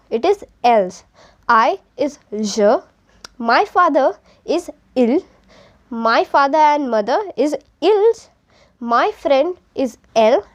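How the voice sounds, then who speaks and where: A young Indian woman teaching a beginner French lesson, explaining step by step and mixing Hindi with English. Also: sits high.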